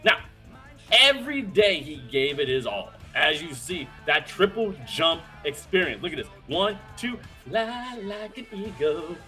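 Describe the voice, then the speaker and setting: A man hosting a live-streamed talk show, hyped and slangy, full of shout-outs, with faint music behind him. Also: fairly high pitch, big pitch swings, a little slow. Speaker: host.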